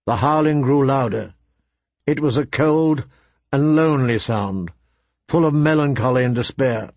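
A man narrating a story in a measured, even audiobook reading. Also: medium pitch, no echo.

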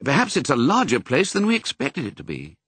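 A man voicing a loving, steady father Dalmatian in a storybook, measured and earnest. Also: mid-range voice, breathy edge, no room sound, exaggerated voice.

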